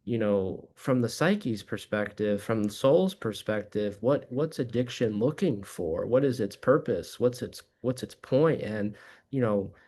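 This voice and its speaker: A man's voice: on the low side, a little slow, husky. Earnest man explaining his views. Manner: animated storytelling, acts out voices in anecdotes. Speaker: guest, addiction treatment director. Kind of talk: reflective conversation.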